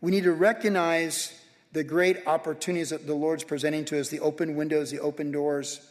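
A man preaching with a high, ringing voice, fervent and emphatic, driving his points home by piling up phrase after phrase. His sermon carries the long reverb of a big hall. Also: level tone, brisk. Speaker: pastor.

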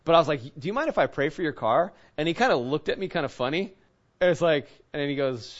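A man's voice: a little high, quick pace, lo-fi sound. A man preaching a sermon, telling a personal story in a chatty way and acting out the quotes. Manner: storytelling, conversational, acts out quotes. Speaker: pastor.

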